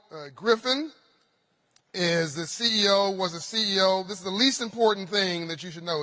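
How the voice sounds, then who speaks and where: A man hosting a forum, telling a humorous anecdote on a conference stage. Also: sits high. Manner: animated anecdotal storytelling with humor. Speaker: forum founder and host. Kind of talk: storytelling keynote speech. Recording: reverberant conference hall.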